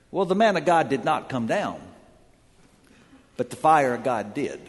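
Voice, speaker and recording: A man's voice: medium pitch, sing-song, a little slow, pauses often, long reverb tail. A man preaching a sermon, telling the story with dramatic energy in a church sanctuary. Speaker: pastor.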